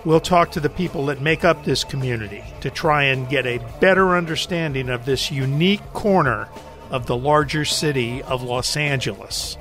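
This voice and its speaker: A man hosting a local podcast, speaking in a measured, scripted way over a video call. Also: mid-range voice, over music. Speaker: podcast host.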